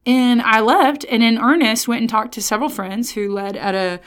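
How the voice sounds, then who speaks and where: A woman's voice: a little high, normal speed. A woman preaching, reading scripture and then telling a story from her student years in a chatty, folksy way, full of restarts, calling the listeners y'all. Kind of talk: sermon with personal storytelling.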